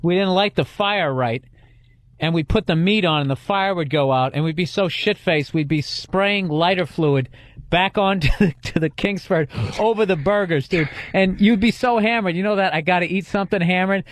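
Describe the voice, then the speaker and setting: A man's voice: sits high, normal speed, dry recording. Brash, crude man in casual chat. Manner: brash, crude, rambling storyteller. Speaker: podcast co-host.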